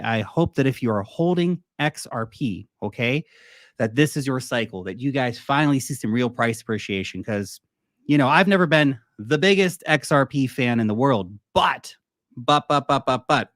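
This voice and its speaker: A man hosts his own crypto channel in a loose, conversational way, hopping from headline to headline with blunt opinions. His voice sits at a middling pitch, recorded close and dry with no room sound. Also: dry recording. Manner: chatty and off-the-cuff, with asides and quick laughs. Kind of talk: casual market commentary to camera.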